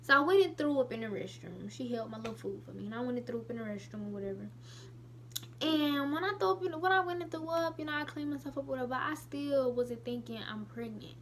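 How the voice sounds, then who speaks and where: A young woman in her late teens, telling a personal story to camera in a chatty, animated way. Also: high voice, quick pace, a little hiss or hum. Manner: chatty, animated retelling with lots of "I was like". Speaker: vlogger.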